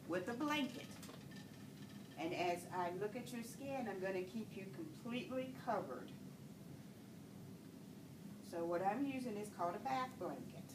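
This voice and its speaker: A woman nursing instructor demonstrating a patient assessment, giving calm step-by-step instructions. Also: mid-range voice. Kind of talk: clinical skills demonstration. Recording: echoey room, far from the mic, noisy.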